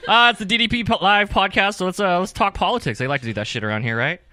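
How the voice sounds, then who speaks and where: A young adult man from California doing stand-up comedy at an open mic, energetic and profane, often checking with the crowd. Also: sits high, fast. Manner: energetic, profane, keeps asking the crowd "right?".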